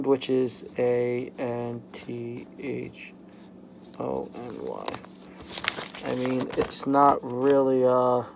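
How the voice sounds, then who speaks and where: A young man talking frankly in a personal vlog at home, halting and full of "like" fillers. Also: medium pitch, noisy background. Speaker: vlogger. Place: home, at a workbench.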